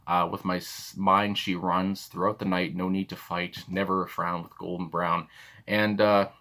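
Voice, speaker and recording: A man's voice: low voice, level tone, normal speed, sharp tone. A young man hosting a music reaction video, talking casually and rambling with lots of fillers and restarts. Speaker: music reaction channel host.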